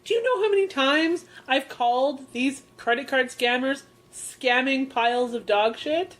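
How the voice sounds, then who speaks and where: A woman's voice: sits high, expressive, measured pace, fairly bright tone. A woman co-hosting a podcast, telling a story in casual chat with a profane, mocking manner. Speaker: podcast co-host.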